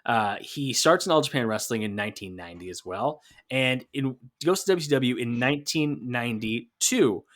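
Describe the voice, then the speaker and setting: A man's voice: mid-range voice, animated, moderate pace, hardly any pauses, a bit bright. A man co-hosting a wrestling podcast, chatting casually and joking as he recaps matches. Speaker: podcast co-host.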